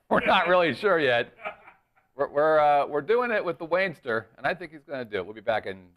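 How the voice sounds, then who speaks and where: A man's voice: a little high, big pitch swings, moderate pace, dull audio. A man, the show's producer sitting in as guest, teasing the host and rambling through stories in a casual late-night chat. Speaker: show producer and stand-in guest. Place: studio.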